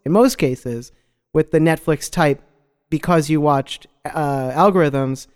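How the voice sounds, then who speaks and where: A man's voice: a little high, slow, darkish tone, clean tone, big-room sound. A man co-hosting a casual discussion podcast. He agrees often with "right" and lays out his reasoning point by point. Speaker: podcast co-host.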